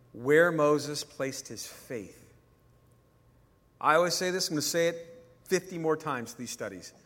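A male pastor giving a sermon in a relaxed, conversational manner and slipping into the voices of the people in his stories. His voice sits a bit higher than most men's, and it carries the long reverb of a large hall. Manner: conversational, acts out dialogue when telling stories.

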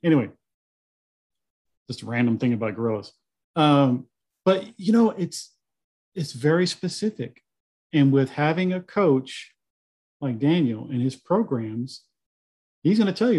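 A man's voice: a little high, animated, normal speed, long pauses, darkish tone, husky. A man hosting a podcast, recapping his guest's points in an enthusiastic, casual way. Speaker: podcast host.

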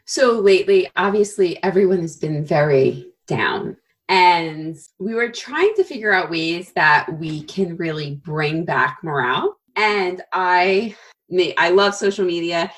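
Lively, low-voiced woman, carefree. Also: measured pace. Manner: candid, carefree. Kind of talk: casual podcast chat.

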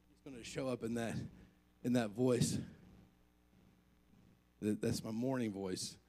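A man's voice: medium pitch, steady tone, unhurried, mellow. A male pastor preaching a conversational sermon, asking the congregation questions and joking along the way.

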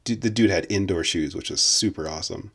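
A man's voice: sits low, a little fast, breathy edge. A young man co-hosting a podcast in casual, jokey chat, laughing often and using lots of fillers. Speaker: podcast co-host.

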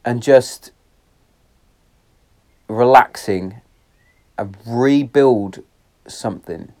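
A middle-aged man hosting a casual solo podcast from his shed, swearing often, going off on tangents, swinging between loud laughing outbursts and quiet reflection. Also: mid-range voice, drawn-out words. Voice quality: heavy swearing, rambling and tangent-prone. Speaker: podcast host. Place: garden shed.

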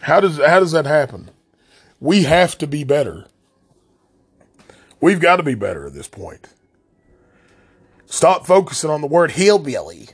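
Appalachian man, podcast host, furious profane rant, fairly high-pitched voice, blunt and fired up. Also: very animated, unhurried, pauses often, breathy edge. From southern West Virginia coal fields. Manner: angry, heavily profane, blunt.

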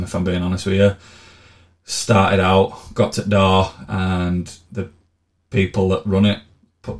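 Man, very low voice, monotone delivery, blunt and sweary, sardonic storytelling. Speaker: vlogger. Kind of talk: casual monologue telling travel stories.

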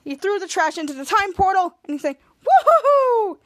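A very high-pitched, fast-talking woman recaps an episode on her podcast. She rambles through it casually scene by scene, peppering it with "cut to" and "he's like."

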